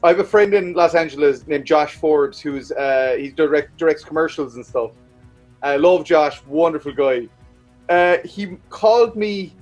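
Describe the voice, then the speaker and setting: A man's voice: fairly high pitch, darkish tone. A man with an Irish accent hosting an interview in casual, chatty talk, laughing often and stumbling over his words. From Ireland. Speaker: podcast host.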